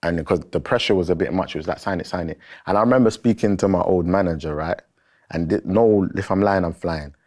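A man's voice: deep voice, a little fast, darkish tone. A man, a rapper telling a story animatedly in a casual interview, full of fillers and acted-out quotes. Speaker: rapper and guest.

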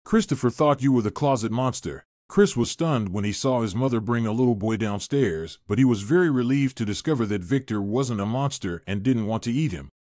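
A man narrating a scripted story in an even storytelling delivery. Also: fairly low pitch, a little fast, few pauses, dry recording, studio quality.

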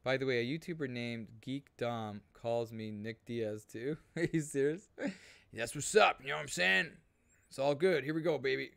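A man's voice: mid-range voice, moderate pace, vocal fry, fairly bright tone, no room sound. A man hosting a casual gaming livestream, chatty and reading viewer comments aloud as he talks. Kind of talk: casual live-stream chat.

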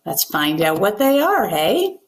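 A woman's voice: mid-range voice, sing-song, measured pace, slight background noise. A woman who works as a ballet pianist, giving an instructional video talk in an emphatic, well-enunciated coaching tone. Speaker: ballet pianist and teacher educator.

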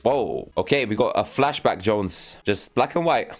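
A young man giving casual, excitable commentary as he reacts to a video game, with a slangy, chatty way of talking. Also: on the low side, measured pace, soft background music. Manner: casual, excitable, slangy, says "bro" a lot. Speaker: gaming channel host.

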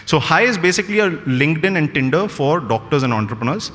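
A man with an Indian English accent giving a humorous keynote talk, telling stories with animated energy and chuckling at his own jokes. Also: on the high side, fast. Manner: animated storytelling, mixes in Hindi phrases, laughs at own jokes. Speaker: speaker at a corporate event. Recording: reverberant hall.

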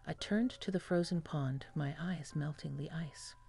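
A woman's voice: low voice, unhurried, vocal fry, mellow, soft background music. A woman reading a first-person horror story as scripted narration.

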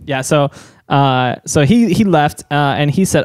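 A man's voice: on the high side, expressive, measured pace, a little mellow, smooth, no echo, studio quality. A man co-hosting a casual podcast, telling a story with lots of "uh"s and laughs.

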